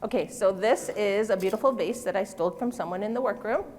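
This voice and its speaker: A middle-aged woman presents a floral demonstration on stage at a mid pitch. She is chatty and self-deprecating and jokes easily with the crowd, and her voice carries a long reverb from the hall. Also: fast talker, darkish tone. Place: stage in a large convention hall.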